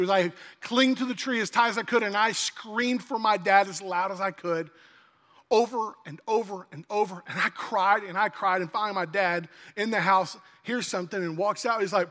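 A man's voice: high voice, fairly quick, bright, forceful tone. A man preaching a sermon in a church, telling a folksy story. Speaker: pastor. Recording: long church-hall reverb.

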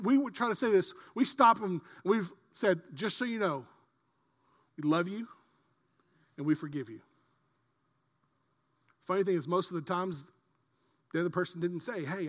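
A man, a pastor preaching a sermon in a large church, dropping to quiet earnest asides and rising to loud impassioned peaks. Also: high voice, long reverb tail.

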